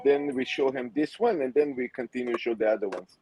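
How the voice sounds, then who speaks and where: A man's voice: medium pitch, huge pitch swings, a little fast, vocal fry, darkish tone, husky, faint music behind, rough recording. A man co-hosting a livestream, chatting casually and laughing along. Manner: amused, laughing, easygoing. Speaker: livestream co-host.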